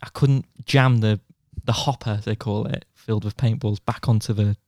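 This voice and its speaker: A man's voice: fairly low pitch, fairly even intonation, normal speed, darkish tone, no room sound, clean studio sound. A young man co-hosting a podcast, telling a story in casual chat. He swears freely and acts out what other people said. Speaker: podcast co-host.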